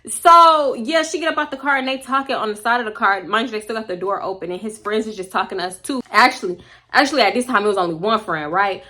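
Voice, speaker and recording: A woman's voice: a little high, fast talker, pushed and bright. A young woman telling a storytime on her channel, blunt, slangy and gossipy. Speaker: storytime vlogger. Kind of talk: storytime vlog.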